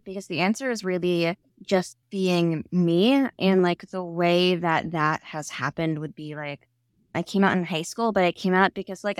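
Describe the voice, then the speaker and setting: A woman's voice: fairly low pitch, no echo, studio quality. A nonbinary podcast guest with a female-sounding voice, young adult, speaking thoughtfully and unhurriedly with frequent "like" fillers. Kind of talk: reflective interview conversation.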